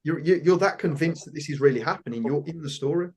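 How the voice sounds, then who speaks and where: A man's voice: a little high, fast, darkish tone. A British man hosting a podcast interview, talking with enthusiasm and repeating phrases for emphasis. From Britain. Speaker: podcast host. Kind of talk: casual interview chat.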